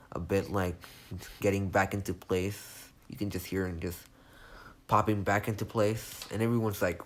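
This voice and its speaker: A young man casually retelling a fan story, rambling and hesitant with many restarts. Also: on the low side.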